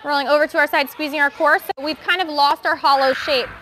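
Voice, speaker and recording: A young woman runs a gymnastics practice and calls out brisk cues and praise to her young athletes. Her voice sits high and sounds bright and clear. She keeps the instructions quick and encouraging. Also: steady tone, a little hiss or hum. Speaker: gymnastics coach. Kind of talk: live coaching in a gym. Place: gymnastics gym.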